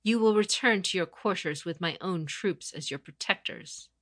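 A woman's voice: lowish voice, fairly bright tone, no echo, studio quality. A woman playing a stern samurai champion. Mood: coolly polite. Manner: stern, measured, authoritative. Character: proud commanding female samurai champion.

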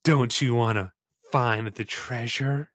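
A man voicing a young woman companion who coaxes slowly and softly. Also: medium pitch, steady tone, no echo. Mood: eerie coaxing. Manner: slow, soft coaxing.

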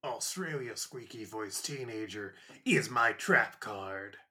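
A man's voice: lowish voice, lively intonation, slow pace, sharp tone. A man co-hosting a casual comedy podcast, enthusiastic and joking, with profanity thrown in. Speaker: podcast co-host.

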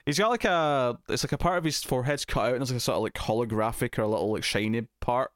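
Man, casual podcast talk, rambling recap, acts out quotes, mid-pitched voice, dry close sound. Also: fast talker, dry recording. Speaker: podcast co-host. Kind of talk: casual chat, recapping a TV episode.

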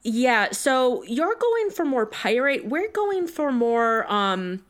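A woman's voice: on the high side, very animated, slow pace. A woman playing a restaurant manager in an improvised comedy scene, talking in a chatty, hesitant way full of ums.

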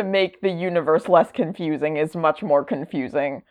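A woman's voice: deep voice, moderate pace, few pauses, a little mellow, no echo. A woman chatting casually, rambling with lots of fillers and wry asides. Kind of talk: casual chat.

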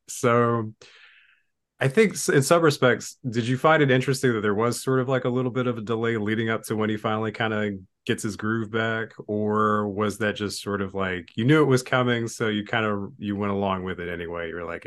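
A man with a slightly low voice leads a loose, casual movie discussion. He rambles along with plenty of fillers and slips into quoting characters as he talks. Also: steady tone, fairly quick. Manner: rambling, full of fillers and acted-out quotes. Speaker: podcast host.

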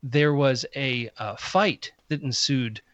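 A podcast co-host in his fifties tells blunt, profane stories in a casual chat. His mid-range voice is slightly bright and slow-paced with no echo, though the podcast audio is a little muffled.

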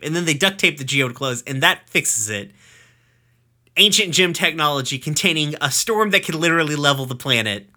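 A man with a fairly high, animated, sharp-toned voice hosts a podcast where he casually runs through a cartoon episode. He swears and jokes throughout, acting out quick quotes.

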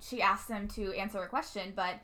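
A woman's voice: medium pitch, brisk, sharp tone. A woman co-hosting a casual recap chat, chatty and full of fillers, laughing often.

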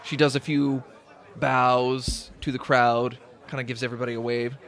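Relaxed man running a tabletop game. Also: mid-range voice, normal speed, vocal fry, a faint crowd. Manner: relaxed, hesitant with many ums. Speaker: dungeon master.

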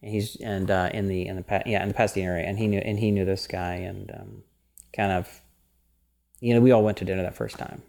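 A man co-hosting a casual podcast chat, animated and rambling, often breaking into laughter. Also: low-pitched, fast, vocal fry. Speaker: podcast co-host.

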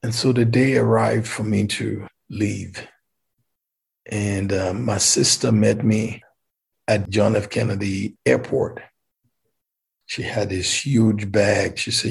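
A man's voice: lowish voice, steady tone, slow pace, gravelly, husky. A man from Liberia, animatedly telling a personal story and acting out the dialogue.

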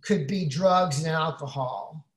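A woman's voice: deep voice, slow, echoey room, a crowd in the background. A woman co-hosting a casual chat, explaining things at length and often saying "you know".

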